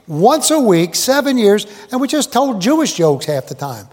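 A high-pitched male preacher gives a rambling, joke-filled sermon in a large hall before a live congregation, his phrases trailed by long reverb. Folksy and digressive, full of asides, he keeps quizzing the audience, with big pitch swings, normal speed, and a slightly mellow tone.

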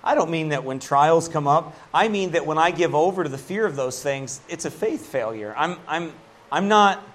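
Male pastor, conversational sermon, slightly high voice, lively and chatty. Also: normal speed, a little hiss or hum. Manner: conversational, animated preaching with laughs and asides.

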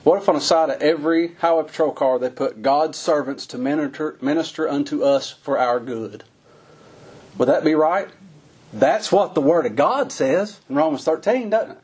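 Husky man preaching. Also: normal speed, a little mellow. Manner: folksy preaching, voice climbing high on emphatic lines. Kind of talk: sermon.

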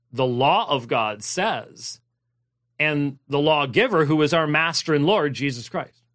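A man's voice: a little high, a bit bright. A man preaching a sermon, explaining a Bible passage in an emphatic, digressive way, with many fillers and restarts and key phrases repeated. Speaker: pastor. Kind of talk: sermon-style Bible exposition.

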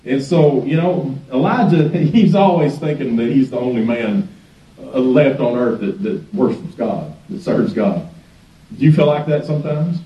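Folksy preacher. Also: male voice, medium pitch, normal speed. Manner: folksy, storytelling, chuckles often. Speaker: guest pastor. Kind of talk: sermon. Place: church sanctuary. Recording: echoey sanctuary, distant dull mic.

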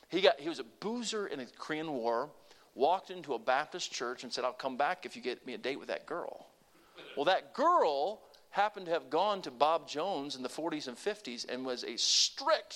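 A man preaching a sermon to a congregation, earnest and conversational, rising to emphatic peaks and dropping to soft, quiet asides. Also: on the high side. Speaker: pastor.

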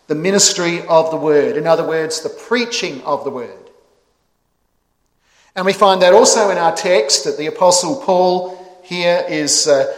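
A man preaching a sermon in a measured, emphatic way, stressing words and pausing between phrases. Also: a little high. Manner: measured, emphatic delivery with pauses. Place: church sanctuary. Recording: echoey church hall.

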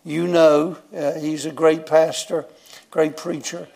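A man's voice: fairly high pitch, level tone, slow, vocal fry, a little mellow. A man, telling a personal story in a folksy, rambling sermon and chuckling often. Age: 70s. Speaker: guest preacher.

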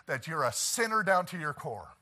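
Pastor preaching hard, kinda high bright voice, gets loud then drops low, laughs a bit. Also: male voice, sing-song, moderate pace. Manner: impassioned preaching, rising to shouts, with chuckles. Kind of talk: sermon.

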